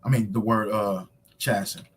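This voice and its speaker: Emphatic husky-voiced man preaching. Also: fairly low pitch, fairly even intonation, normal speed. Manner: emphatic, conversational slang, rhetorical questions. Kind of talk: street preaching sermon video. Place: at home recording himself with screen share.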